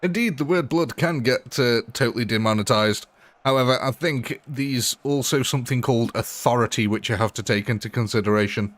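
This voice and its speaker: A man's voice: mid-range voice, a little fast, a bit bright. A man live-streaming a game, chatting casually, answering viewers' comments and laughing often. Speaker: gaming livestreamer.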